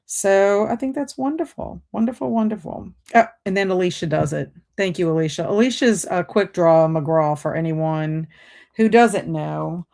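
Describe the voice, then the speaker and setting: A woman's voice: lowish voice, moderate pace, gravelly, darkish tone. A woman hosting a livestream, chatting casually and reading out viewer comments while multitasking. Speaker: BookTube livestream host.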